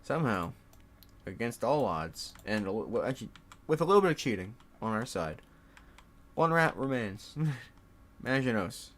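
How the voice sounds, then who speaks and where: A man's voice: medium pitch, big pitch swings, normal speed, pauses often, fairly bright tone. A young man casually commentating his solo board game play, swearing, laughing and talking to his game pieces.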